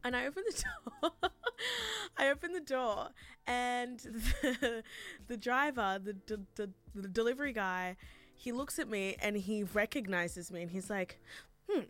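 A woman's voice: a little high, measured pace, a bit bright, faint music behind. A young Australian woman hosting a radio show, chatting casually with frequent laughs and rambling asides. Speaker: radio host.

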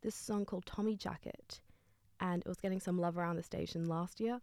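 An enthusiastic young woman hosting a radio show, chatting casually between tracks. Her voice sits a little low, and the studio sound is close and dry. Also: normal speed, a little mellow, dry recording. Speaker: radio presenter.

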